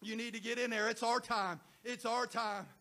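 A man preaching a sermon to his church and online viewers, building repeated rhythmic phrases into shouted climaxes. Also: very high-pitched, steady tone, moderate pace. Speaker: pastor.

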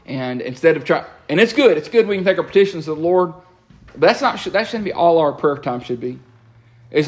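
A man, preaching a lively sermon in a church and breaking into quick asides and repeated words. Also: fairly high pitch. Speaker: pastor. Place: church sanctuary.

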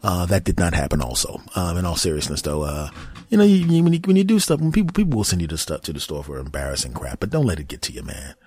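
A man's voice: extremely low pitch, very animated, quick pace, darkish tone, slightly rough. A man hosting his own podcast, joking crudely in a rambling comedic monologue. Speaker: podcast host.

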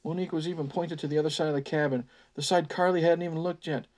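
A podcast host reading a teen novel aloud, with sarcastic, sighing asides. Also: male voice, fairly high pitch, fairly even intonation, fast talker, a little mellow. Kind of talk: mocking storytime reading.

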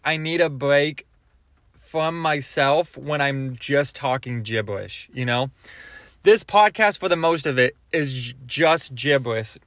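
A man's voice: a little high, a bit bright, no room sound, studio quality. A man hosting his own podcast alone, rambling from topic to topic in casual chat and swearing freely. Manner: scattered, jumps between topics, swears often. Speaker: podcast host.

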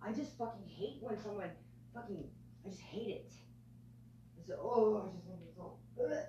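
A woman's voice: medium pitch, moderate pace, mellow. A woman arguing in a heated casual conversation, frustrated and swearing a lot, often cutting in. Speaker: friend in conversation. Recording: muffled lo-fi recording with faint hum.

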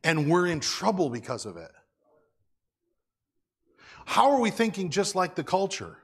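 Pastor guy preaching, chatty, keeps throwing questions at the church, voice a bit high. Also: very animated, unhurried, a bit bright, slightly rough. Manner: conversational, asks the congregation rhetorical questions. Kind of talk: sermon.

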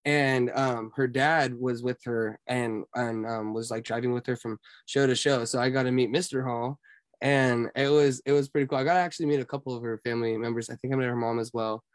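A man's voice: medium pitch, fairly even intonation, fairly quick, no room sound. A young man from San Diego chatting casually as a guest, rambling with lots of "like" and "um". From San Diego, California. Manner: rambling, heavy on fillers like "like" and "um". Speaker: musician guest. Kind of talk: casual chat.

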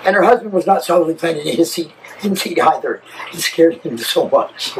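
A man delivers a sermon with lively, swinging intonation. His voice sits a touch high, and he leans into his stories with emphatic drama. A faint hiss runs underneath. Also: moderate pace, rough recording. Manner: animated storytelling preacher, emphatic. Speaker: pastor.

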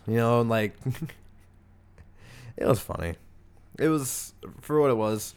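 A young man from the US hosts a podcast with a medium-pitched voice that is darkish, clear and resonant. He talks slowly with long pauses, rambling casually through fillers, "like"s and restarts.

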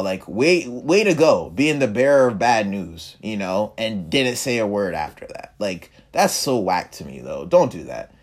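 A young man telling a personal story in casual speech, reflective and sometimes emphatic. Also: mid-range voice. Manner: casual and reflective, quiet dips and emphatic rises. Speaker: vlogger.

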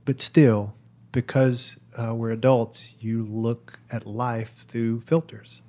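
Guy cohosting a podcast, talks slow and reflective, mid-pitched, restarts his sentences a lot. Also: little pitch movement, darkish tone. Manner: reflective storyteller, pauses and restarts. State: father of a toddler. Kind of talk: casual conversation.

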